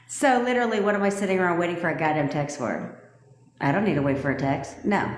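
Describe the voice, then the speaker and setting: A woman's voice: on the low side, animated, moderate pace. A woman coaching viewers during a live stream, blunt, bossy and full of swearing, loose and joking as she talks. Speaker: manifestation coach. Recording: echoey room with long reverb.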